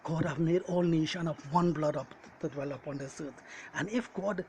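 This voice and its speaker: Guy preaching at the camera, kinda high voice, repeats himself over and over, ladies and gentlemen, faint hiss. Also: normal speed, low-quality recording. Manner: repetitive, hammering refrains; addresses listeners directly as ladies and gentlemen. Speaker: self-styled Bible teacher. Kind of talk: preaching video message.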